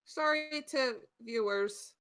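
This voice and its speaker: A woman's voice: fairly high pitch, slow pace, fairly bright tone. A woman playing a tabletop game, bantering and giggling as she rolls dice. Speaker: player. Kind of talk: casual tabletop game chat.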